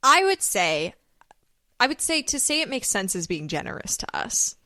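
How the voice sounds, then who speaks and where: A woman co-hosting a comedy podcast, wry and playful, tossing in quick jokes. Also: mid-range voice, very animated, bright, forceful tone, dry recording. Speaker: podcast co-host. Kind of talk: casual comedic chat.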